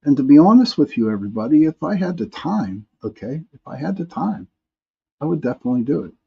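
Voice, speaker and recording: A man's voice: fairly high pitch, big pitch swings, quick pace, creaky, slightly rough, lo-fi sound. A man hosting a live paranormal talk stream, reading viewer comments in a rambling way, often restarting and repeating words.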